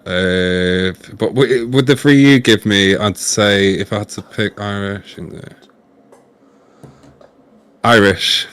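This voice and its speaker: Low-voiced man chatting on a game stream. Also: steady tone, slow pace, long pauses, fairly bright tone, clear, resonant tone, dry recording. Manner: chatty, earnest, repeats words while thinking. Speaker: guest streamer. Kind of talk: casual gaming stream chat.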